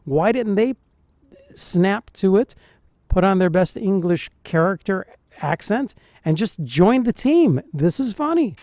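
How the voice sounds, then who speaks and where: A man, a dialect coach, reacting to film clips and thinking aloud in a puzzled, animated way. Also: high voice, a little slow, dry recording. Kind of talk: reaction commentary.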